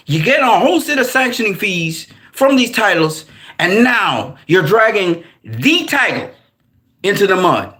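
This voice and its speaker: Angry man ranting, high voice that swings wide. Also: measured pace. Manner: angry, heated, profane ranting; animated, repeats "man". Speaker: boxing commentator. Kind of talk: ranting commentary.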